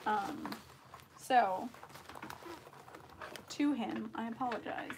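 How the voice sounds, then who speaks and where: A woman's voice: a little high, fairly even intonation, measured pace, gravelly, pauses often, background noise. A young woman chatting casually on a sewing livestream, reading out viewer comments as she works. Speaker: bag maker hosting a sewing livestream.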